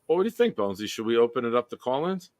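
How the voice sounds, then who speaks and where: A man's voice: medium pitch, very animated, racing, a little mellow, no room sound, clean studio sound. A man hosting a casual livestream, joking around and reading chat comments aloud. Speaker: livestream host.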